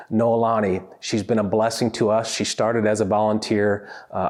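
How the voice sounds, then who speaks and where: Male pastor, earnest, slightly low voice, reflective and halting at times. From United States. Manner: earnest, repeats words when starting sentences. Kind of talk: year-in-review reflection.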